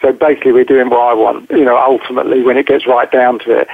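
A man speaking as a guest over the phone, his voice thin and narrow like a telephone line. He talks directly and with emphasis, restarting and repeating words as he works out his points. His pitch sits in an ordinary middle range for a man. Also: level tone, fast. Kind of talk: phone interview.

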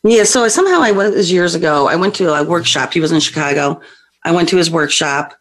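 A woman guest on a call-in show, a psychic medium telling stories in a lively, feisty way. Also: lowish voice, fast. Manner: lively, feisty, acts out voices in her stories. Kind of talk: animated storytelling on a call-in show.

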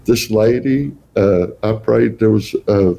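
An older Texan man with a low, gravelly, husky voice. He talks in a folksy, rambling way, chuckling through easygoing interview stories. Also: slow, dark tone, low-quality recording. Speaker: guest Santa performer. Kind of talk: casual interview chat.

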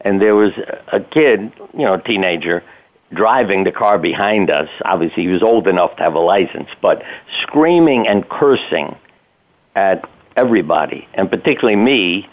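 A man's voice: sits low, lively intonation, normal speed. An older man, a physician and interview guest, telling plainspoken anecdotes in a casual conversational way, with the odd curse. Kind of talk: conversational storytelling. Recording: tinny phone line.

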